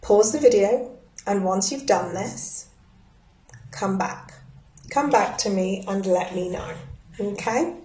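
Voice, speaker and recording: Calm lady guiding you thru breathing and a ritual, roomy echo, mid pitch. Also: slow, long pauses. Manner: soothing, gently instructive. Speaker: spiritual guide leading a ritual. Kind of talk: guided breathwork and ritual instruction. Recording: echoey room.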